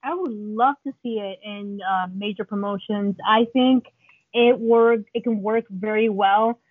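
A woman wrestler co-hosting a podcast, chatting excitedly and laughing often, acting out what she was thinking. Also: medium pitch, unhurried, no echo. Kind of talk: casual chat. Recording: tinny phone-like sound.

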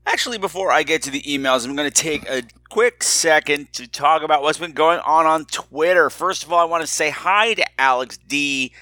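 A man's voice: on the high side, moderate pace, few pauses, pushed and bright, no room sound, clean studio sound. Campy, flirty man hosting a podcast. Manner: campy, flirty, self-mocking. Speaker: podcast host. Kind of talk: casual solo podcast chat.

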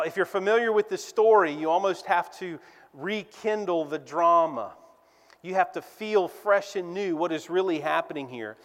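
A male pastor delivering a sermon in a slow, measured cadence, stressing key words through repetition. His voice sits a little high for a man, and it rings out with the long reverb of a church sanctuary. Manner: slow, deliberate preaching with emphatic repetition.

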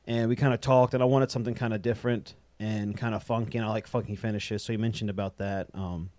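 A man's voice: on the low side, fairly even intonation, fast talker, darkish tone, no room sound. A man in casual chat, rambling as he tells a story and acts out the dialogue he quotes. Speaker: drummer and guest.

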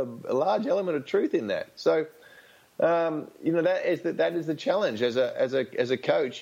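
A man's voice: mid-range voice, creaky, darkish tone, dull audio. Frank Australian man, rambling coach talk. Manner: frank, rambling, many fillers and restarts. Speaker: tennis coach, interview guest. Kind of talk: casual interview storytelling.

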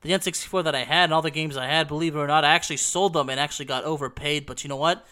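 A man hosting a solo game talk show, hoarse and coughing as he recovers from illness, rambling with many fillers. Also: on the high side, steady tone, very fast, sharp tone. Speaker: podcast host. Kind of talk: casual solo talk about video games.

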